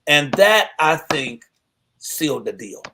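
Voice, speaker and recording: Talk show host guy, folksy and preachy, voice sits a bit high, gets real lively. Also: slow pace. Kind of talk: casual talk show chat.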